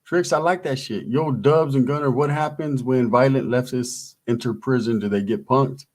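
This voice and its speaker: A man's voice: medium pitch, moderate pace, a little mellow. Middle-aged man, livestream co-host, street slang, casual chat-reading delivery, mid-range voice.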